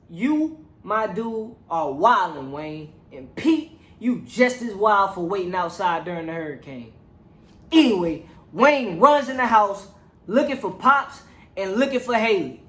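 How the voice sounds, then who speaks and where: Reviewer with a mid-pitched voice, slangy and animated plot recap, roomy echo. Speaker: movie reviewer.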